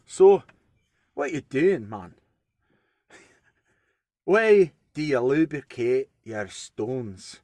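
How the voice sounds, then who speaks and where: A man voicing a gruff male dwarf with a put-on Scottish accent, teasing his listener loudly. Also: mid-range voice, big pitch swings, very slow, long pauses, no room sound. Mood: mocking.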